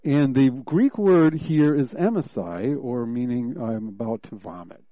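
A man preaching a sermon, teaching from scripture verse by verse and reading passages aloud, with animated bursts when he voices what God is saying. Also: mid-range voice, measured pace, dry recording, highs cut off.

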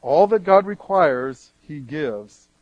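A man's voice: fairly high pitch, expressive, slow pace, no echo, highs cut off. Emphatic man teaching Bible verses. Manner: reads scripture then explains it; emphatic swings in loudness. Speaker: preacher.

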